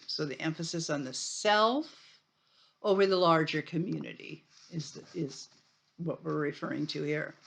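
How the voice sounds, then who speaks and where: A woman's voice: low-pitched, gravelly. A woman giving a university lecture in a conversational way, full of fillers, restarts and emphatic asides.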